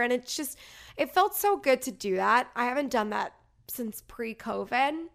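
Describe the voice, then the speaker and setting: A woman hosting a podcast, telling a night-out story in a gossipy, animated way. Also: a little high, moderate pace. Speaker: podcast host. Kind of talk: casual chat.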